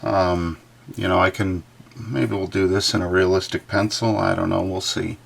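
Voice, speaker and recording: A very low, gravelly male voice that talks along as he draws. He rambles and thinks out loud, full of uhs and half-finished thoughts, like an artist chatting with viewers during a live stream. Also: flat delivery, moderate pace. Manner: rambling, thinks aloud with many fillers. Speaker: artist livestreaming a drawing session. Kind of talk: casual running commentary while drawing.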